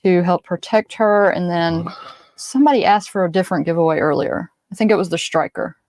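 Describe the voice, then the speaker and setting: A woman's voice: lowish voice, a little mellow, no echo. A woman co-hosting a live stream, reading out viewer comments and running the giveaways. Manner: reads viewer comments out, brisk. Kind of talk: casual live-stream chat.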